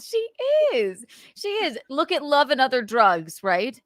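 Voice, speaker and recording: A woman hosting a casual live stream, animated and swearing as she acts out scenes. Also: high voice, no echo, clean studio sound. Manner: animated, swearing, acting out scenes with quick voices. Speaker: podcast host.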